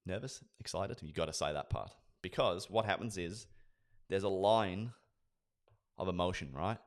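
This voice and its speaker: A man in his forties, a sales trainer, giving an energetic lesson and acting out sales dialogues. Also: low voice, normal speed. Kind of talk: instructional talk with acted role-play.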